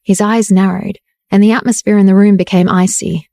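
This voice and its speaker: A woman narrates a romance audiobook in a steady, even read. Her voice is mellow and warm, and the recording is dry and close with no room sound. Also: mid-range voice, a little fast, vocal fry, dry recording. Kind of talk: scripted narration.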